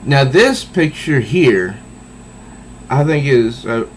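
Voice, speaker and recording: Give me a slow-talking man reviewing comics, halting and casual. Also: mid-range voice, animated, slight background noise, rough recording. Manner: halting, with many restarts.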